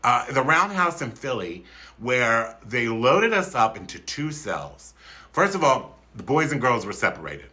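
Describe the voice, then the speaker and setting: A man's voice: sing-song, measured pace, pushed and bright. A man in his fifties from Philadelphia, telling a comic story on a livestream in a campy, flamboyant, theatrical way. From Philadelphia, USA. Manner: campy, flamboyant and theatrical, with sudden high-pitched outbursts.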